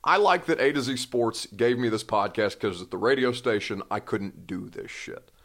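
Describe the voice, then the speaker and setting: A man's voice: on the low side, moderate pace, creaky. A man hosting a podcast in a casual, chatty way, with self-deprecating rambling asides. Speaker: podcast host. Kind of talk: casual chat.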